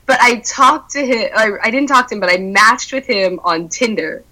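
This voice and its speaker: A young woman in casual chat, telling stories with lively quoted voices. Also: fairly high pitch, moderate pace, low-quality recording. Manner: animated storyteller acting out quotes.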